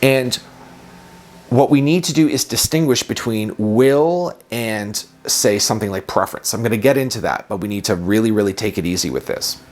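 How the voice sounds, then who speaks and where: A man's voice: on the low side, normal speed, a little mellow. A man in his thirties, a productivity coach, giving a reflective self-help talk full of questions and repeated phrases.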